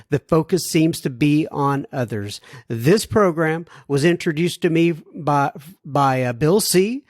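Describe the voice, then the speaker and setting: A man's voice: on the high side, no echo, studio quality. An American man hosting a podcast, reading listener letters in a casual, rambling way that keeps drifting into apologetic tangents. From United States. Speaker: podcast host.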